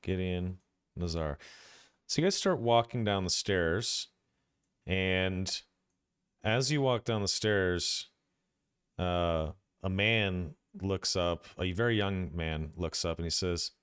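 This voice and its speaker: Male game master for a tabletop session: low, smooth voice, halting delivery. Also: a bit bright, no room sound, clean studio sound. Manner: hesitant, many fillers and restarts.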